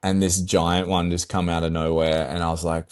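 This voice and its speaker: A middle-aged man, a pro surfer guest on a podcast, telling a story in a casual, animated way, swearing and acting out his own dialogue. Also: low voice, moderate pace, clean tone.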